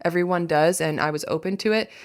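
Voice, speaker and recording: A young adult woman hosting a podcast, speaking candidly in a deep voice that frays into fry, blunt and swearing freely with wry asides. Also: quick pace. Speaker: podcast host. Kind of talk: candid personal monologue.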